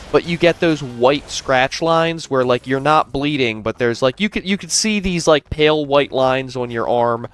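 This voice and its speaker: A man's voice: medium pitch, a bit bright. A man narrating a commentary video, explaining at length and sounding incredulous.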